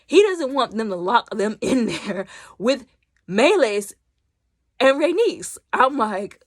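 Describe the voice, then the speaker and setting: A woman chatting casually through a TV episode recap, animated and talkative, acting out bits of the scenes. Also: medium pitch, measured pace, pauses often, no echo, clean studio sound. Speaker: YouTube TV reviewer.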